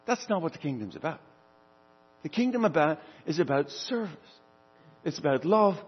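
A preacher voicing a soft, gentle teacher. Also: male voice, fairly high pitch, expressive, moderate pace, husky, muffled recording. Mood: patient. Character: gentle, patient male teacher correcting followers.

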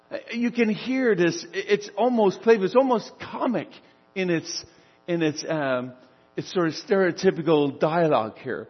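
A man's voice: high voice, normal speed, slightly rough, in a large hall, lo-fi sound. An older man preaching a sermon as a pastor, telling the story in a conversational way and acting out the dialogue.

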